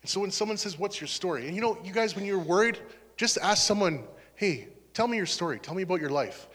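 A man's voice: sits high, expressive, fast, fairly bright tone. A man preaching in an earnest, conversational way, sharing a personal testimony as a pastor. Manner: earnest, conversational, turns emotional. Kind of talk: testimony sermon. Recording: long hall reverb.

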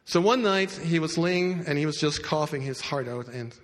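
A man preaching to a congregation, telling a story with loud bursts and quiet asides. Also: on the high side, normal speed. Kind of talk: sermon storytelling. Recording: long hall reverb.

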